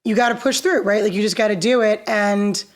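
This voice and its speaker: A woman guest on an interview show, telling stories in a lively, animated way, laughing often and acting out quoted voices. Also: mid-range voice, fairly quick. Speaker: musician guest. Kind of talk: casual interview storytelling.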